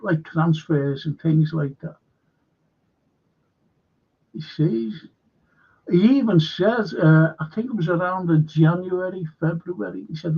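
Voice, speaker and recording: Male stream host, husky and raised in pitch, profane, rambling, reading out comments, dull audio. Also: takes it slowly, long pauses. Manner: profane, rambling, reads viewer comments aloud. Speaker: livestream host. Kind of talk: casual fan livestream chat.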